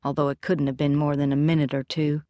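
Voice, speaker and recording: A woman giving scripted first-person narration of a story in a measured, steady storytelling delivery. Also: deep voice, no echo, studio quality. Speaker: audiobook narrator.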